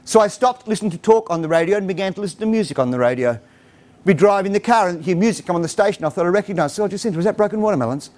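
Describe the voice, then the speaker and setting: Speaking rapid-fire in a voice that sits high, this middle-aged man entertains parents with a funny talk on parenting. His storytelling is lively, and he performs snippets of dialogue.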